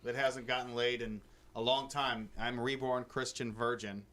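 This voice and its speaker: A man's voice: mid-range voice, little pitch movement, moderate pace, fairly bright tone. A man co-hosting a comedy talk radio show, teasing and goading crudely. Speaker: radio co-host. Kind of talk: casual comedic radio banter.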